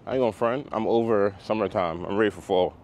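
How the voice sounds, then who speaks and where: A man's voice: lowish voice, fast, darkish tone. A man who sells cars, chatting casually and with slang in a vlog while he drives, wearing a clip-on mic. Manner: laid-back, slangy talk. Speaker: car salesman and vlogger. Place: in his car with the window down. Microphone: clip-on microphone. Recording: wind and road noise in a car.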